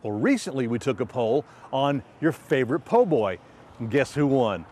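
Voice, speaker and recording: A man's voice: medium pitch, sing-song, moderate pace, a little mellow. A man hosting a local TV food segment, chatting friendly and easily with a restaurant owner as he walks through her restaurant and kitchen. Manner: friendly, chatty, lots of mm-hmms. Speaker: TV segment host. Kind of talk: local TV feature interview. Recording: TV field recording with background noise.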